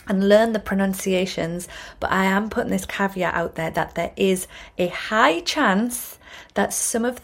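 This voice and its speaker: A woman's voice: mid-range voice, vocal fry. A woman hosting a yoga podcast, explaining ideas in a chatty, self-correcting way with frequent restarts. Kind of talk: casual explanatory talk.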